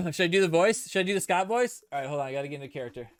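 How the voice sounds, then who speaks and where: A man's voice: high-pitched, animated, rapid-fire. A man hosting a game stream, chatting casually and reading viewer comments with loose, profane jokes. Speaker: streamer host.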